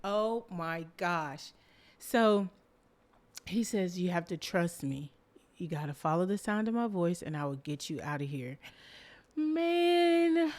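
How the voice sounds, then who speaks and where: Animated woman telling a story. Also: on the low side. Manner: animated, laughs loudly, lots of "like" fillers. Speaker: podcast host. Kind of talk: casual storytelling.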